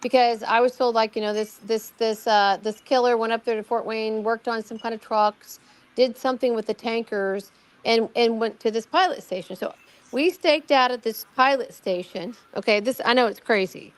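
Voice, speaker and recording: A woman's voice: on the high side, moderate pace. Rambling middle-aged woman telling a story. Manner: rambling, repeats words and restarts, quotes others in her story. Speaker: guest recounting her own amateur investigation. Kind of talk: casual storytelling conversation.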